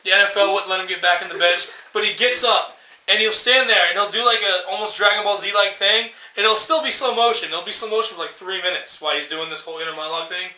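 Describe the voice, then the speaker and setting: A man's voice: sits high, fast talker, bright, forceful tone. A man co-hosting a podcast, ranting in a rambling, profane way and acting out scenes in mocking voices. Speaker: podcast co-host. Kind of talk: casual ranting chat. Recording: roomy echo.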